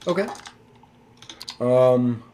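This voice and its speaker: Slow, lively game master, man. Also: medium pitch. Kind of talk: narrating a tabletop game.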